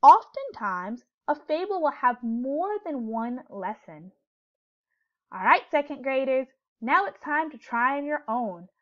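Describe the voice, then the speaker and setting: A woman teacher giving a read-aloud lesson to young children, speaking clearly and gently and asking questions as she goes. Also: high-pitched, very animated, measured pace, lo-fi sound.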